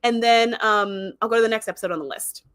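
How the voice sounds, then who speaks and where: A woman's voice: fairly high pitch, steady tone, fast, a bit bright, clear, resonant tone. A woman hosting a casual livestream, chatting in a rambling way and reading viewer comments aloud. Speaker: livestream host.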